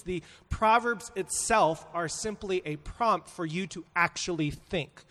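A man's voice: high-pitched, unhurried, few pauses, bright, forceful tone, big-room sound. A man recapping a sermon in conversation, earnest and thinking aloud with fillers.

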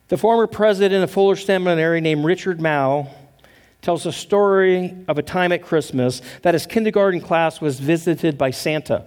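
A pastor gives a Christmas sermon, telling a story earnestly and then praying in a hushed voice. His voice is on the high side.

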